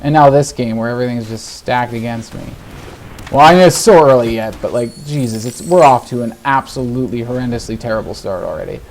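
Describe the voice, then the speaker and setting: Male gameplay host, frustrated rant, mutters then yells, mid pitch. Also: fairly quick, a little hiss or hum. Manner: exasperated ranting, swearing, swings between muttering and shouting. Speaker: gaming video host. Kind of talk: live gameplay commentary.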